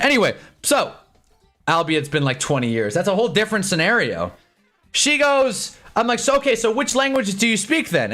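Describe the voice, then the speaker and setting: A young man with a Midwestern American accent talks on a live stream in a bright, high-pitched voice that leaps up and down in pitch. He tells a dating story with lots of laughter and quick remarks on the game, while faint music plays underneath. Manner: animated, laughing, jumping to game asides. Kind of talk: casual storytelling while watching football.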